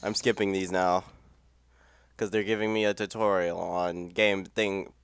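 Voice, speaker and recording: A man's voice: low-pitched, a little slow, background noise. A young man casually commenting while he plays a video game, exclaiming and reacting to what happens on screen. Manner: excitable, exclaims and laughs at the game. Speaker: gaming channel host. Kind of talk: casual let's-play commentary.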